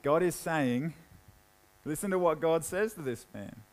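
A young man preaching a sermon in a casual, conversational way, dropping low and quiet when he reads scripture. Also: expressive, a little slow, slight background noise, poor audio. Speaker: pastor.

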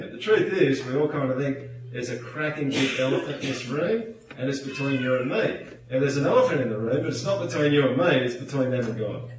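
A male preacher delivers a lively sermon, his voice bouncing around a large echoey hall. He sounds set back from the microphone. He slips into playful put-on voices to act out what people say. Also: medium pitch, slight background noise. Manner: animated, playful, acts out quotes with voices. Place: church hall. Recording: echoey hall, distant mic.

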